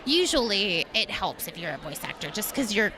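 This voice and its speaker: A woman's voice: medium pitch, very animated, normal speed, crowd noise. A woman in her thirties, a voice actress talking enthusiastically in a convention interview. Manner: bubbly and enthusiastic. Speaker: voice actress and guest.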